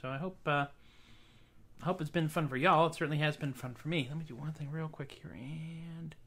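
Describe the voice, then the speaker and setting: A man's voice: on the high side, fairly quick, a bit bright. Wry, rambling man on a webcam. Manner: wry, self-deprecating, rambling. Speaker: singer-songwriter host. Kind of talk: casual solo livestream chat.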